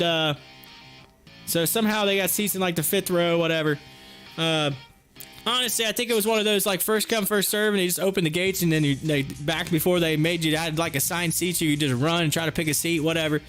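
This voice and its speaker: A man's voice: sits high, fairly bright tone. A man, chatting casually on a livestream. He rambles, repeats himself and restarts his sentences, and faint music plays behind him. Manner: rambling, repeats words and restarts, chuckles often. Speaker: stock trading livestream host.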